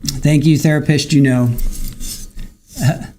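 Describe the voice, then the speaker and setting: Gravelly-voiced man chatting on a live stream. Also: a little high, steady tone, takes it slowly, dark tone. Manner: chatty, reads viewer comments aloud and talks to his dog. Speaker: livestream trial commentator. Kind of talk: casual live-stream recap, chatting with viewers.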